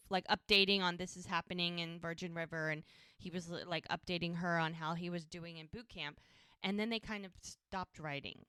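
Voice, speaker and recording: A woman's voice: lowish voice, pushed and bright, clear, resonant tone, no echo, clean studio sound. A woman co-hosting a podcast, casually recapping a TV episode scene by scene and acting out the characters' lines. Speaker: podcast co-host.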